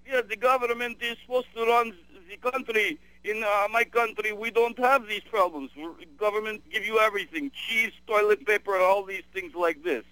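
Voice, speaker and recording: A man doing a rambling, tipsy caller with a thick mock Russian accent, high in pitch and in broken English. The voice is bright and the line is dry. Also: fairly even intonation, normal speed, hardly any pauses, no echo, poor audio. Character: drunk half-Russian half-French male caller, boastful.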